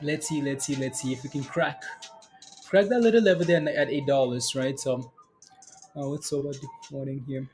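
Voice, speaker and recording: A man's voice: medium pitch, moderate pace, darkish tone, faint music behind. A young man hosting a stock trading livestream, rambling casually and laughing often as he reads viewer comments.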